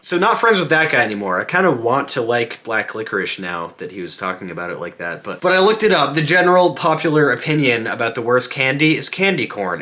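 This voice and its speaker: Bright-voiced young man ranting comically. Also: medium pitch. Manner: animated, joking, quick rants. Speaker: vlogger. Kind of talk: casual comedic vlog monologue.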